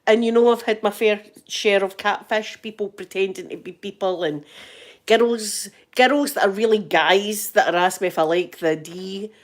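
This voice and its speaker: A woman's voice: mid-range voice, moderate pace. Chatty Scottish woman live-streaming. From Scotland. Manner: chatty, laughing, greeting viewers by name. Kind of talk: casual live-stream chat with viewers.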